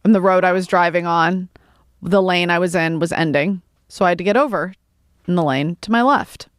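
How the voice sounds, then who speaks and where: A woman comedian chatting as a podcast guest, telling an animated, profane story. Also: fairly low pitch, moderate pace, dry recording, clean studio sound. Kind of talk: casual podcast chat.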